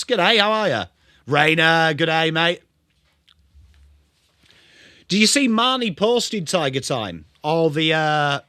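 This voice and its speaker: Lively English man hosting a footy watchalong. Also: a little high, no room sound, clean studio sound. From England. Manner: chatty, greets viewers, lively. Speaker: livestream host. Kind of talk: live football watchalong commentary.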